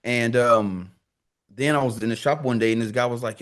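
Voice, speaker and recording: A man's voice: medium pitch, moderate pace. A man talking as a guest on a podcast in a laid-back, slangy way, telling stories animatedly. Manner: animated storyteller who acts out quoted dialogue. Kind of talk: casual podcast conversation.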